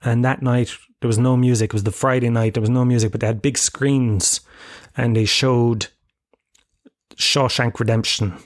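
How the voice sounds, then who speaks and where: A man in his thirties with an Irish accent talks at a mid-range pitch, spinning loose, swear-laden stories that poke fun at himself. His voice sits close and dry, with almost no room sound around it. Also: fairly even intonation, moderate pace, no room sound. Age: 30s. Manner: rambling, profane, self-mocking storytelling. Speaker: podcast host. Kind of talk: casual solo podcast chat.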